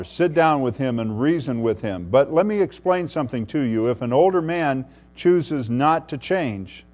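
A man preaching an expository sermon, reading scripture and explaining it, who often drops to a hushed voice for emphasis. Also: medium pitch. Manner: preaching with wide swings in loudness, dropping to a hushed voice for emphasis. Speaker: pastor.

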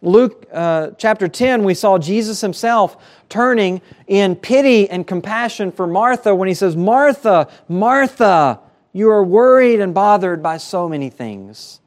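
Man, pastor, sermon, earnest preaching, fairly high voice, rises and falls for emphasis. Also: animated, measured pace.

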